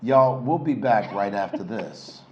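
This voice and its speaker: A man's voice: on the low side, animated, unhurried, lo-fi sound. A middle-aged man, a relationship coach, co-hosting a casual couple's talk show with a playful, teasing manner. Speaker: relationship coach and podcast co-host.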